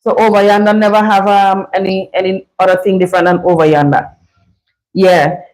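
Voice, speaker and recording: A woman's voice: medium pitch, flat delivery, brisk, a little mellow, poor audio. A woman from St. Vincent with a Vincentian accent, chatting casually as host of a livestream. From St. Vincent and the Grenadines.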